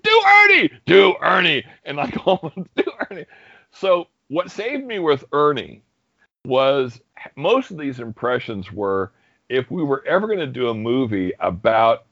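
A young man casually telling a story, animated and laughing often. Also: medium pitch, no echo, dull audio. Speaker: guest storyteller. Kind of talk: casual anecdote.

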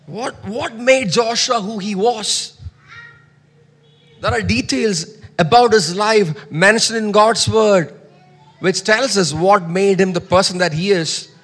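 A man preaching a sermon, reading scripture loudly and dropping to soft asides. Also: high-pitched, takes it slowly, husky, big-room sound. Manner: emphatic, swings between soft asides and loud scripture reading.

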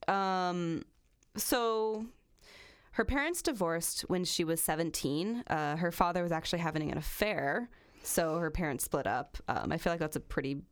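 A woman with a slightly lower voice tells a story on a casual podcast. She rambles easily, laughing often and filling pauses with fillers as she goes. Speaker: podcast co-host telling a true-crime story. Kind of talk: casual chat.

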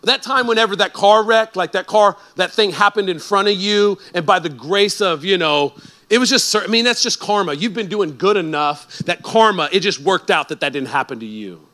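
High-pitched pastor guy preaching, chatty and animated, gets emphatic. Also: normal speed. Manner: conversational and animated, building to emphatic peaks. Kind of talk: sermon.

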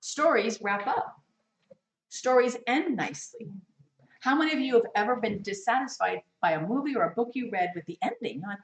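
A woman teaching a women's Bible study class to a live group, lively and chatty, laughing often and acting out quotes. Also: a little high, fairly quick, distant mic. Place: meeting room with a live class. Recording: echoey room, voice from afar.

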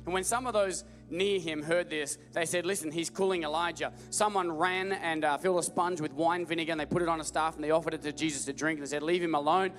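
High-voiced Southern preacher in echoey hall. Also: male voice, fast, hardly any pauses. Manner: energetic call-and-response preaching, rising to loud emphatic repetition. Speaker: pastor. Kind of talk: sermon. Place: large church hall with live audience. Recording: echoey church hall with faint music.

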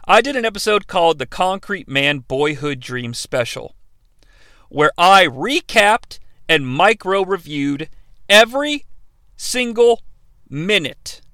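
A man's voice: on the high side, bright, forceful tone, clean tone, no room sound. A man in his thirties hosting a comedic wrestling review podcast, playful and sarcastic. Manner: playful, sarcastic, jumps into impressions. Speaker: podcast host.

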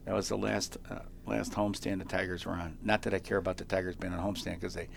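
A male talk show host excitedly telling feel-good stories in a chatty way, with frequent restarts. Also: sits low, fast talker, vocal fry, a little hiss or hum. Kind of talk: animated storytelling on a talk show.

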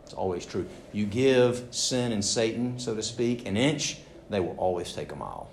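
A man's voice: lowish voice, moderate pace, gravelly, a little hiss or hum. A man preaching a sermon, acting out the people he quotes. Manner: animated, acts out quoted voices. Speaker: pastor. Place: church sanctuary. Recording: roomy church echo.

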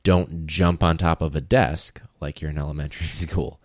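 Man, low voice, podcast host, jokey and curious, laughs a lot, dry sound. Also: fairly even intonation, moderate pace, dry recording. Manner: joking, laughs often, asks questions. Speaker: podcast host, high school teacher. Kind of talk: casual podcast chat.

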